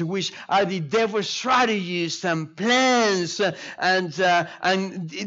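A man preaching a sermon to his congregation, halting with frequent fillers and restarts, speaking to them directly. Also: sits high, fairly bright tone. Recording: muffled lo-fi sermon recording.

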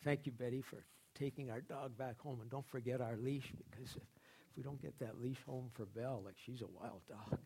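A man's voice: fairly even intonation, normal speed, gravelly. Rambling male pastor giving a sermon. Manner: rambling, many restarts and fillers; acts out quoted voices higher and louder.

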